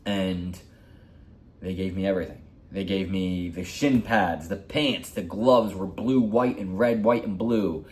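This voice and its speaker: Man, 40s, deep voice, rambling heartfelt storyteller, vlog. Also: steady tone, a little slow, darkish tone. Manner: rambling, heartfelt, repeats himself. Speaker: hockey vlogger. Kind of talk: personal storytelling.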